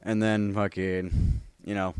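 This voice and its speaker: A man's voice: low-pitched, level tone, takes it slowly, darkish tone, smooth, dry recording. A man chatting casually about comics, rambling with heavy swearing and lots of fillers. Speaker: comic book vlogger. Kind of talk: casual chat.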